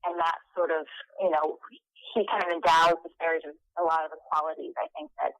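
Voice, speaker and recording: A woman's voice: low-pitched, steady tone, a little fast, fairly bright tone, dry recording, highs cut off. A woman speaking as an actress guest in an interview, talking enthusiastically with lots of fillers and restarts. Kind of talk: interview conversation.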